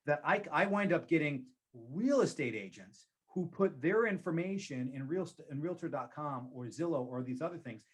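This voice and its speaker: A man's voice: a little high, lively intonation, moderate pace, hardly any pauses, breathy edge. Emphatic man giving real estate advice. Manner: emphatic, repeats key phrases for stress. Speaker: real estate agent and show expert. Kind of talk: conversational advice talk.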